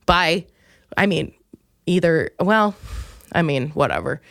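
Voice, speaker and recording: Speaking slowly in a creaky voice, a young woman comedian rambles through a casual monologue on her podcast, full of self-mocking asides and abrupt high, excited quotes. The studio-quality recording has no echo.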